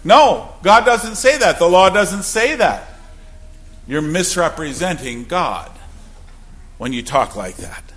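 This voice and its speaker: A man's voice: high voice, expressive, takes it slowly, fairly bright tone. A man preaching a sermon as a pastor, emphatic and full of rhetorical questions.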